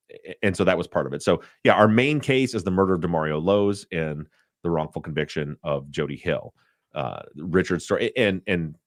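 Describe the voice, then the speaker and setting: A man hosting a casual podcast discussion, talking in a halting way, often repeating words and getting choked up. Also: low-pitched, no echo, clean studio sound. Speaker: podcast host.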